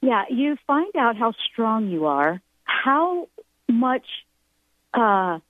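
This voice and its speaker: A woman's voice: on the high side, big pitch swings, drawn-out words, dry recording. A woman speaks in an earnest, rambling way about the soul and fear. She comes through a thin, phone-like line. The sound is dry and close. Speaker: spiritual guest speaker. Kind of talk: radio call-in show talk.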